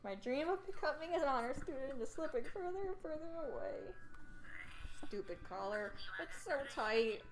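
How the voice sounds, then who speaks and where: A woman's voice: sits high, sing-song, normal speed, soft background music, rough recording. A woman voicing a grumpy, sarcastic teen boy student in a game reading. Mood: annoyed. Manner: sarcastic, exasperated.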